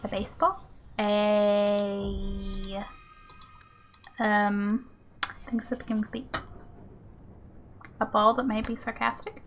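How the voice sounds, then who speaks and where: A woman's voice: mid-range voice, level tone, takes it slowly, pauses often, fairly bright tone, a little hiss or hum. A woman streaming a video game, joking casually and slipping into whispered asides. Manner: playful, jokey, drops into whispered asides. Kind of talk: casual gameplay commentary. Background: game music.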